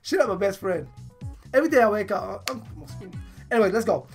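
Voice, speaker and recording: Hoarse female gaming host, excitable and animated, casual commentary with soft music under it. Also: medium pitch, fairly quick. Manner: excitable, bursts into laughs and shouts at each pull. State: hoarse, voice partly gone. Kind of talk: casual mobile game summon commentary.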